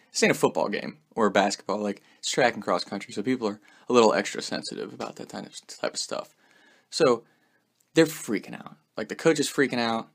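Young man, low-ish voice, laid-back, casual anecdote, frequent swearing. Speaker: storyteller.

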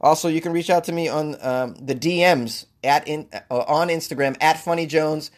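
A man's voice: on the high side, moderate pace. A man hosting a comedy podcast, riffing in a jokey, rambling way with self-mocking asides. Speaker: podcast host. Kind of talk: casual comedic monologue.

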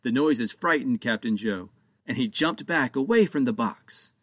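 Guy reading his own kids book, animated storytelling, mid pitch. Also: measured pace, dry recording, studio quality. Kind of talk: audiobook narration.

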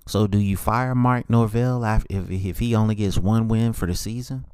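A man hosting a solo sports podcast, speaking in a dejected monotone with many halting fillers. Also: lowish voice, smooth, no room sound, studio quality. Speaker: podcast host.

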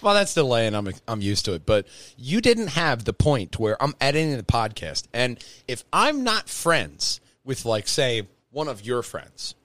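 Lively, bright-voiced podcast host. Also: male voice, medium pitch, measured pace, few pauses, no room sound. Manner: animated, swears freely, loud bursts when excited. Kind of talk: casual podcast chat.

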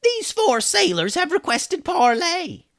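A man voicing a brash, swaggering female pirate who yells and taunts, read aloud from a storybook. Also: very high-pitched, huge pitch swings, slow pace, no echo, studio quality, pitched above the performer's own voice, exaggerated voice. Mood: taunting. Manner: taunting, loud yelling.

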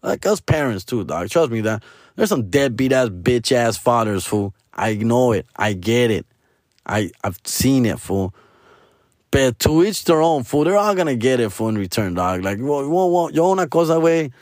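A man rants casually, peppering his talk with curse words and slang. He sits at a middle pitch for a man. The recording is dry and close. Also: very animated, normal speed, a little mellow, no room sound. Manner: profane, slangy, mixing Spanish and English. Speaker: vlogger, father. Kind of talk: casual storytelling rant.

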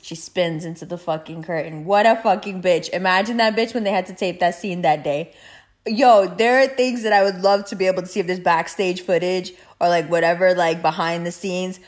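A woman chatting casually as a host, profane and animated, laughing often through her stories. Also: fairly low pitch, brisk. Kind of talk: casual chat.

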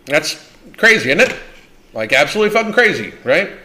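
A man's voice: a little high, big pitch swings, brisk, pushed and bright. A man hosting a livestream Q&A, talking in a blunt, profane and combative way. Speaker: livestream host. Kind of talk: livestream Q&A rant.

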